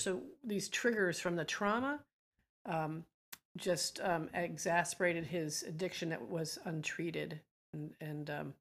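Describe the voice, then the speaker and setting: A middle-aged woman from Georgia, an advocacy group founder and guest, telling emotional stories in an earnest, impassioned way. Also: sits low. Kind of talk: emotional interview talk.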